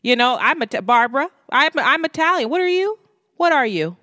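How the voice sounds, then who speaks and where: A woman's voice: high-pitched, animated, fairly quick, sharp tone, no room sound, clean studio sound. Woman putting on a brash Italian-American mom. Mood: indignant. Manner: indignant, gossipy, defensive. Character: brash older white Italian-American mother.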